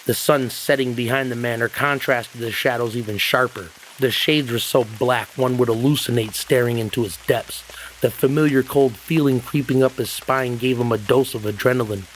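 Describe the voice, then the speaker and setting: A man reading a horror story aloud in a measured, ominous way. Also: mid-range voice, slight background noise, poor audio. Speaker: narrator. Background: backing music.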